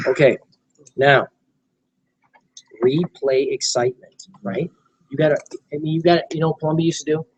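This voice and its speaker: A man training a small group in network marketing, animated and coaching, often acting out sales dialogue. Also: fairly high pitch, normal speed, long pauses, dull audio, slight background noise.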